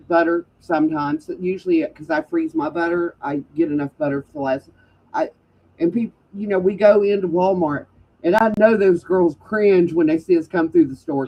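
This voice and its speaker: Husky woman, rambling chat. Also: on the low side, normal speed. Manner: chatty, rambling, restarts sentences. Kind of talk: casual chat. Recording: slightly dull stream audio.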